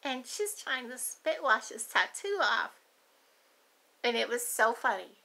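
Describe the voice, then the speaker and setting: A middle-aged woman with a fairly high, bright voice and a gravelly fry, rambling through family stories. She speaks in a folksy, chatty way and wanders off on tangents. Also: very animated, a little slow. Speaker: grandmother vlogger. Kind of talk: rambling storytelling.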